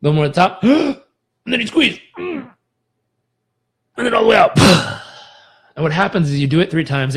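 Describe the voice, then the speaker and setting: A man hosting a motivational live stream, coaching listeners with energy and demonstrating breathing exercises aloud. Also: mid-range voice. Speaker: host.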